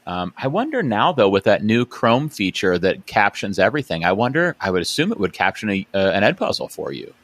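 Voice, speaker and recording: A man with a very low voice hosts a relaxed podcast conversation. He talks in a chatty, rambling way, full of fillers and restarts. The sound is dry and close to the mic. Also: brisk, few pauses, dry recording. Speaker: podcast host. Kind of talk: casual conversational interview.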